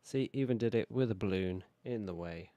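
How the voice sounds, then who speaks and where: A British man with a hoarse voice from a cold, casually chatting while he builds in a city-building game. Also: on the low side, a little fast, no echo, lo-fi sound. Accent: British English. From Britain. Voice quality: relaxed, rambling, self-correcting. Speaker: video game streamer. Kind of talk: casual gameplay commentary.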